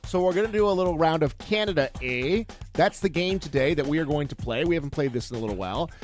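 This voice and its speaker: A man's voice: fairly high pitch, lively intonation, fast talker, faint music behind. A man hosting a morning radio show, playful and laughing as he runs a call-in game.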